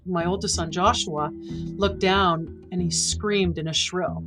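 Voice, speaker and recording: A woman's voice: fairly low pitch, fairly even intonation, slow pace, over music, poor audio. Earnest woman telling a personal story. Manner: earnest, emotional retelling with quoted dialogue. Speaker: podcast guest.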